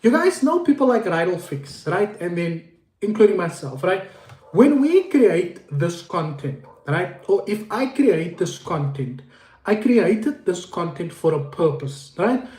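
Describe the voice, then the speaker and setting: A man's voice: high-pitched, sing-song, measured pace, darkish tone. Rambling man live on a phone, echoey. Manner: greets viewers by name, rambling and repetitive. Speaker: livestream host. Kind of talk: casual livestream chat. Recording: echoey room.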